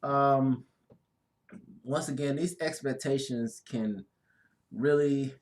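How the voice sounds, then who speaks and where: A man co-hosting a casual spiritual talk, speaking in an easygoing, drawn-out way with frequent affirmations. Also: medium pitch, darkish tone. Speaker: co-host.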